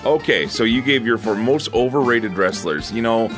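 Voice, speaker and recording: A man co-hosting a casual wrestling chat show, talking in a thoughtful, measured and self-deprecating way. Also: medium pitch, expressive, a bit bright, faint music behind. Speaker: co-host.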